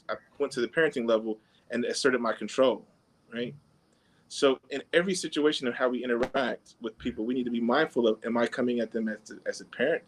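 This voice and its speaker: A man's voice: medium pitch, low-quality recording. A man hosting a podcast, explaining ideas in casual talk full of fillers and little sample dialogues. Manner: conversational, peppered with fillers. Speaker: podcast host.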